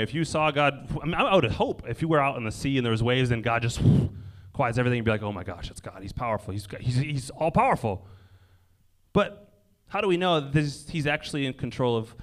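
A man giving a casual sermon in a conversational way, often checking in with "right?" and dropping his voice low and quiet for emphasis. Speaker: preacher. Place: indoor gathering near a lake.

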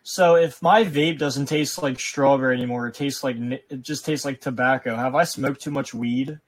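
A man's voice: mid-range voice, moderate pace, rough recording. A young man joking crudely as a co-host on a casual podcast.

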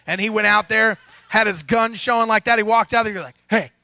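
A man's voice: sits high, steady tone, fairly quick, pushed and bright. A pastor preaching a sermon to his congregation, joking and talking casually, often asking the crowd "right?". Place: church hall with a congregation.

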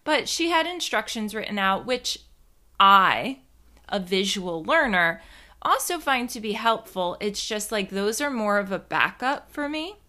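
A woman's voice: mid-range voice, big pitch swings, measured pace, pushed and bright. A young woman from New Jersey telling a rambling, casual story in a chatty, profane way, full of fillers.

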